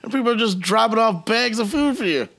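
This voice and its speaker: A middle-aged man co-hosting a podcast, telling animated stories in casual chat, swearing freely and acting out what people said. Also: high-pitched, fairly quick, vocal fry. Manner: animated storyteller, swears freely, acts out quotes. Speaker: podcast co-host.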